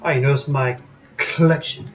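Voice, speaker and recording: A man's voice: mid-range voice, fairly even intonation, muffled recording, soft background music, close to an everyday voice. A man voicing a creepy cheerful butcher host. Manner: drawn-out, oddly stressed words. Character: creepy grinning male butcher-innkeeper. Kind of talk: reading game dialogue aloud.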